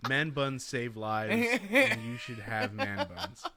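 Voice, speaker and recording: A man's voice: mid-range voice, huge pitch swings, takes it slowly, heavy background noise. A young man co-hosting a podcast, telling a story in a casual, profane way and acting out the voices of other people. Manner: profane, laid-back storyteller acting out quotes. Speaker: podcast co-host.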